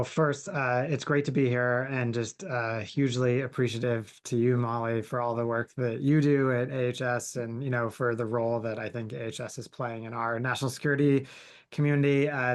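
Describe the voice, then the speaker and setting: A man being interviewed about his book over a video call, answering thoughtfully and in a storytelling way. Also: medium pitch. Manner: thoughtful, storytelling, speeds up at times. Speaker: author and guest expert.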